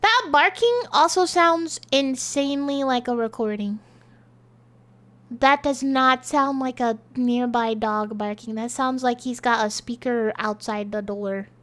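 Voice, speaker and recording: A woman's voice: fairly high pitch, a little slow, a bit bright. A young woman streamer reacting to a scary video with sarcastic, incredulous commentary. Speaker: VTuber reaction host.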